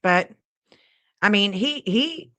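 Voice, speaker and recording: A woman's voice: medium pitch, expressive, slow pace, pushed and bright. A woman receiving a reading, talking candidly and confessionally about herself in casual chat.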